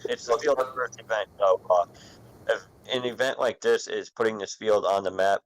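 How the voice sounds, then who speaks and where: A man's voice: fairly low pitch, moderate pace, low-quality recording. A man speaking earnestly and supportively as a guest on a casual video-call panel.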